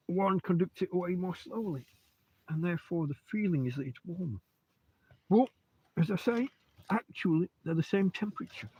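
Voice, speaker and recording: A man's voice: on the high side, a little mellow, slightly rough, no room sound, dull audio. A man hosting a casual livestream from his bed at home, rambling and swearing freely as he chats. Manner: heavy swearing, rambling asides. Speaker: livestream host.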